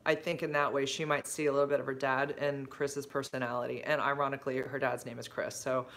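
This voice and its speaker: Bright-voiced chatty middle-aged woman. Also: rumbling low, flat delivery, fast talker. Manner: rambling and chatty, many fillers and restarts. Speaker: livestream host. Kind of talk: casual live-stream chat, answering viewer comments.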